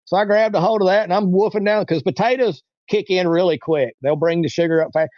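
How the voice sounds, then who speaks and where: Rambling man, slightly high voice. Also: fast, no echo, highs cut off. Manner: rambling, repeats himself, acts out quoted voices. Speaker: interview guest. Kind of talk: casual storytelling.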